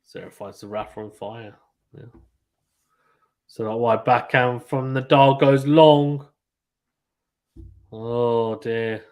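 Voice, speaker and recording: A man calling a match live on a stream in casual play-by-play, getting excited and reading out viewer chat. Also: medium pitch.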